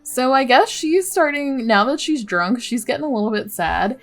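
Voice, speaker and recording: A woman's voice: sits high, animated, normal speed, a bit bright, faint music behind. Chatty young woman narrating gameplay. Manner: chatty, giggly, narrates drama with dismay. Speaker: let's play host. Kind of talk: casual gameplay commentary.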